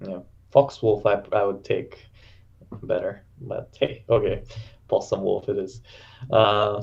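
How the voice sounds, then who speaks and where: Male player, slow halting delivery, gravelly voice. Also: lowish voice, level tone, darkish tone, highs cut off. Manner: slow and halting, in character as a wounded warrior. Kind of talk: tabletop role-play.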